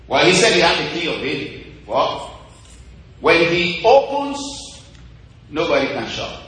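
Male preacher, sermon delivery, lilting scripture readings, loud praise calls, very reverberant room. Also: fairly high pitch, sing-song, unhurried, pauses often. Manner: rising to loud exclaims of praise, scripture quoted in a singing lilt. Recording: very echoey room, faint ambience.

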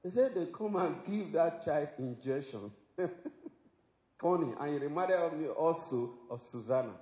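Male preacher, somewhat high voice, emphatic sermon delivery, roomy hall reverb. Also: lively intonation, unhurried, mellow. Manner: emphatic preaching with exclamations and laughs. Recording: echoey hall with long reverb.

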